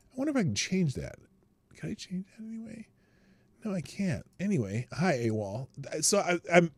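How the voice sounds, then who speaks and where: A man's voice: mid-range voice, a little mellow, dry recording. An American man hosting a live stream, making sarcastic remarks, laughing at his own jokes and reading out news. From United States. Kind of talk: casual solo live-stream commentary.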